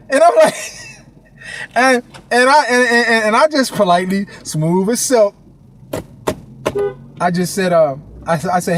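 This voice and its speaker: Animated man telling a motivational story. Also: extremely high pitch, slow, long pauses, a little hiss or hum. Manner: loud, laughing, street slang, acts out quotes. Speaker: motivational speaker.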